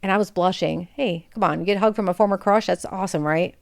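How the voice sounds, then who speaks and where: Woman podcast host, candid chatty storyteller, smooth voice. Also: lowish voice, quick pace. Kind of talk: personal storytelling.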